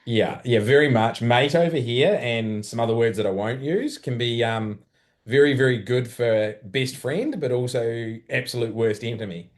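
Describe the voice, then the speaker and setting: A man hosting a podcast, explaining things plainly in a relaxed casual chat. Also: mid-range voice, normal speed. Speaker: podcast host.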